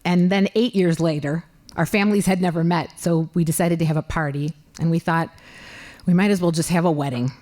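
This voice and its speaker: A woman in her fifties telling a comic personal story on stage, animated and expressive. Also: fairly low pitch, fairly quick. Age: 50s. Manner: animated, comic, voices her own exclamations loudly. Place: library event hall.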